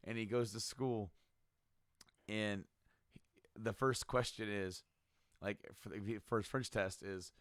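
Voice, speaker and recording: A man co-hosting a podcast in casual chat, retelling scenes in an animated way. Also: on the low side, measured pace, long pauses, smooth, no room sound, clean studio sound. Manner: animated storyteller, acts out scenes with exaggerated voices. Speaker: podcast co-host.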